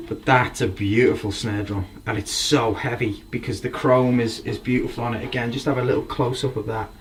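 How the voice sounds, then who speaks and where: A man, a drum collector, casually showing off his gear with rambling enthusiasm. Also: mid-range voice. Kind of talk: casual show-and-tell. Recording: voice from a distance, faint background noise.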